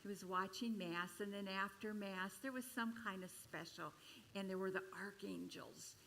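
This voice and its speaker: An older woman minister telling a personal story in a chatty, expressive sermon at a church service. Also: normal speed, creaky, slight background noise, poor audio. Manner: chatty and expressive, with sudden jumps in pitch and loudness.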